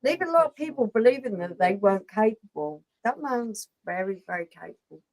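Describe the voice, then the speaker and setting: A woman's voice: mid-range voice, expressive, a little fast, a little mellow, dry recording, poor audio. A British woman co-hosting a casual beer livestream, teasing and outspoken, swearing freely. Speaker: co-host.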